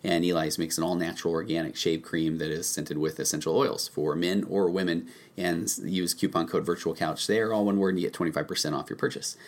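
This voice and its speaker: Male podcast host, very low voice, loose and chatty with ad reads. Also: brisk, hardly any pauses. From United States. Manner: relaxed, with frequent ums and uhs. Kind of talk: casual podcast intro and ad reads.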